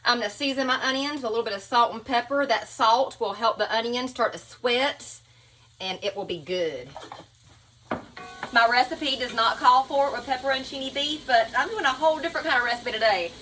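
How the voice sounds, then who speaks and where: Bright chatty Southern woman. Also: fairly high pitch, fairly quick, a little hiss or hum, low-quality recording. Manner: chatty, folksy, talks to viewers as y'all. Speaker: home cook. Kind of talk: casual cooking vlog narration. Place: home kitchen at the stove.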